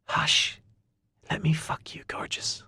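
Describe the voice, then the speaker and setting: Guy doing a breathy purring young woman, whispered role-play, soft and airy, dry audiobook sound. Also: takes it slowly, no echo.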